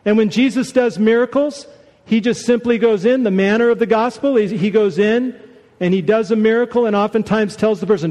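A man preaching a sermon, conversational and animated, with casual asides to the congregation. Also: high-pitched, fairly quick, in a large hall. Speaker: pastor.

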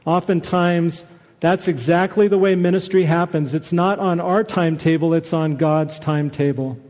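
A man preaching a sermon, conversational and animated, with casual asides to the congregation. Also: on the high side, moderate pace, big-room sound. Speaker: pastor.

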